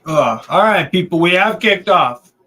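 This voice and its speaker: Bright-voiced man calling a match live. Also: sits high, measured pace, breathy edge, low-quality recording. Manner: excitable, chatty play-by-play mixed with banter. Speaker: streamer giving live match commentary. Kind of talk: casual live watch-along commentary.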